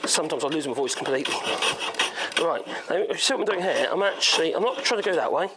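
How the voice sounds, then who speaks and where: Gravelly Norfolk man in the workshop. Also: a little high, lively intonation, fast, heavy background noise. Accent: Norfolk English. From Norfolk, England. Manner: chatty, rambling, thinks aloud. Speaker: woodworker. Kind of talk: workshop demonstration.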